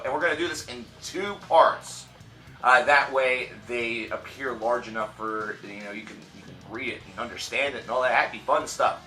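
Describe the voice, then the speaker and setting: Upbeat chatty man, bright echoey voice. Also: medium pitch. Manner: upbeat, chatty, quick asides. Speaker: channel host. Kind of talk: casual vlog presentation. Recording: echoey room with faint music.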